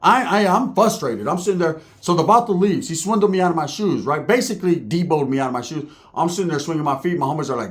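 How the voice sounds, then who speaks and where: A man in his forties telling a street story in a profane, slangy, animated way. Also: on the high side, fast, few pauses.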